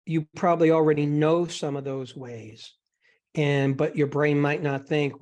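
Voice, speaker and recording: A man with a slightly raised voice coaches a guest through a session. He talks gently and reassuringly, walking through one example after another. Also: on the high side, steady tone, unhurried. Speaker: host and eating psychology coach.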